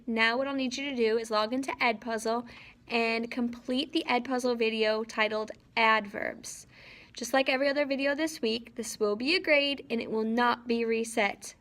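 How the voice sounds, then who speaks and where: Woman teacher, bright and a bit high, careful repeated dictation, faint hiss behind. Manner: slow, clear dictation with repeated sentences. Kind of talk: recorded class lesson.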